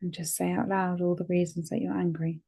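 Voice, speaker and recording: Leading an EFT tapping session, this guide speaks fairly quickly yet calmly and gently, giving lines for the listener to say back. Her voice is low and gravelly with fry, its melody flat and even.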